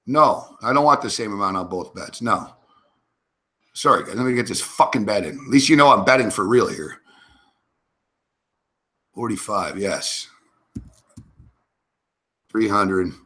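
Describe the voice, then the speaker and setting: A man's voice: on the low side, animated, unhurried, long pauses, sharp tone. Agitated, foul-mouthed male betting host. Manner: profane, agitated and rambling; talks to himself while placing bets. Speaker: sports betting show host. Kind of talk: live betting chat.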